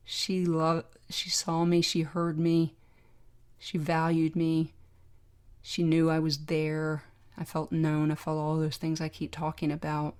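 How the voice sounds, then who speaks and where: A middle-aged woman hosting a podcast, telling a personal story in a reflective, emotional way with pauses. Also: low voice, darkish tone. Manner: reflective, emotional, pausing to remember. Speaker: podcast host, trauma doctor.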